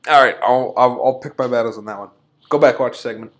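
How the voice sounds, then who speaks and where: A man co-hosting a casual podcast, recapping a show with animated, exasperated ranting. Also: medium pitch, fast talker. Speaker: podcast co-host.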